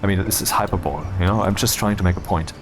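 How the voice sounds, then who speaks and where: A man's voice: low voice, fast. A man talking casually over gameplay, rambling and cutting himself off, with wry asides. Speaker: video creator.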